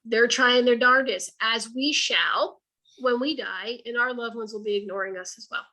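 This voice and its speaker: A woman's voice: on the high side, normal speed, low-quality recording. A woman giving a talk over a video call, telling stories in a chatty, folksy way and acting out the dialogue. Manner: lively, chatty storytelling that acts out quoted dialogue; colloquial, folksy phrasing. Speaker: author and speaker. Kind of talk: storytelling talk to an online audience.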